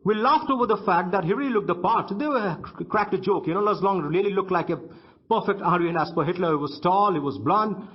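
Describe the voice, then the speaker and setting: A man's voice: sits high, slightly rough. A male schoolteacher with an Indian English accent, reading a story to his class and then retelling each line in simpler words, often stumbling and repeating himself. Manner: halting, repeats words and restarts sentences. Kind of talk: classroom literature lesson, reading aloud and explaining. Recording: dull lo-fi recording.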